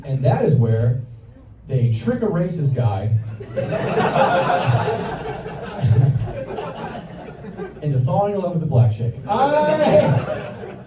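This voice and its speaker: Awkward young comedian in a roomy club. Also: male voice, medium pitch, extremely slow, long pauses, distant mic, heavy background noise. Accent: American Southern. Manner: awkward, self-deprecating, deadpan delivery. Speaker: stand-up comedian. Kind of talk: stand-up comedy set. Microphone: handheld stage mic. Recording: roomy club recording from the audience, dull sound. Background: audience laughter.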